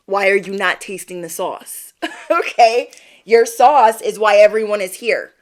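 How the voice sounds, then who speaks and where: A woman's voice: mid-range voice, a little slow. A woman doing a livestream tarot card reading. She talks straight to her viewers, playful and encouraging, and keeps checking in with them. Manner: chatty, playful, keeps asking "okay?". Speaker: tarot reader.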